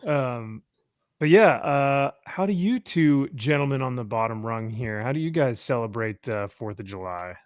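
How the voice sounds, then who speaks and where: A man's voice: mid-range voice, expressive, moderate pace, no room sound. Joking young man hosting a livestream. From California. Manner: jokey, laughs often, reads viewer comments aloud. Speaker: livestream host. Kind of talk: casual chat.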